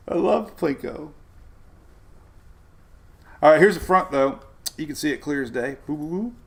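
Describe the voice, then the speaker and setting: A man runs a live weather broadcast, laughing a lot as he reads comments from viewers and chats loosely. He talks fast, with a voice that's a little high.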